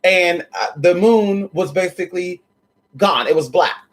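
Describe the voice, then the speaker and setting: A spiritual vlogger talking casually and excitedly to viewers, swearing often and rambling with many restarts. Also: medium pitch, unhurried, poor audio. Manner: profane, excitable, addresses viewers as y'all and honey.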